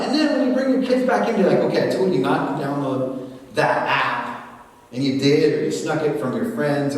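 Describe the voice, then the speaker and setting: An older man giving a lively church workshop talk, acting out dialogue between a parent and child. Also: fairly high pitch. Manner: animated, acts out parent dialogue. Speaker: speaker. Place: church hall. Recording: echoey hall from far off, faint noise.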